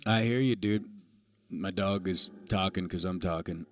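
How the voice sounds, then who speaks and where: A man's voice: low-pitched, unhurried, fairly bright tone. A man hosting a casual livestream, rambling and swearing freely as he drifts into motivational talk. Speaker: livestream host.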